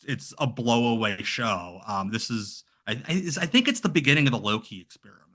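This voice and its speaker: Man, podcast guest, casual rambling chat, bright tone, animated impressions. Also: fairly low pitch.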